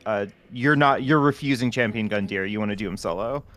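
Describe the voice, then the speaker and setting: A man playing a game with friends on a stream, joking and teasing in casual chat. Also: lowish voice. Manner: teasing, animated, quick jokes. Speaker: co-op player in a charity stream.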